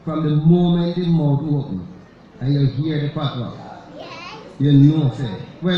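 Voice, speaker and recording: A man's voice: fairly high pitch, fairly even intonation, unhurried. A man with a Jamaican accent preaching a sermon in a church, emphatic and putting rhetorical questions to the congregation. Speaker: lay preacher. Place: church sanctuary. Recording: very echoey church, dull sound.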